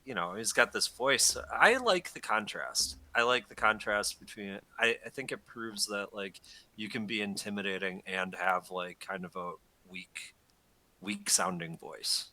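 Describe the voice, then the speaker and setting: A man's voice: fairly low pitch, unhurried, bright, forceful tone. A man appearing as a guest in a casual movie podcast, easygoing and hesitant, saying "like" often.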